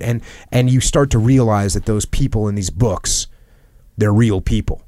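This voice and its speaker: An earnest man hosting a podcast, speaking in a lowish voice. He leans on repeated phrases to drive his points home. The sound is dry and close, with no room around it. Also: normal speed, mellow, no room sound. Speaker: podcast host. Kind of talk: reflective podcast conversation. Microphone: headset.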